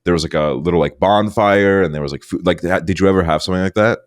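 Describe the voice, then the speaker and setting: A man's voice: low-pitched, quick pace. A young man co-hosting a podcast, chatting in a laid-back way with lots of fillers. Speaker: podcast co-host. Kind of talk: casual chat.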